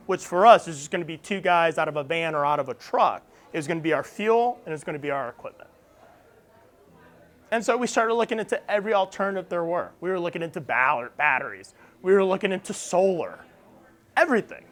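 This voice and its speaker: A man giving an animated, storytelling talk to a live audience about his startup, often laughing and acting out what people said. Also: a little high, normal speed. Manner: animated, laughing, acts out quotes. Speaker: startup founder speaker. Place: event venue with audience.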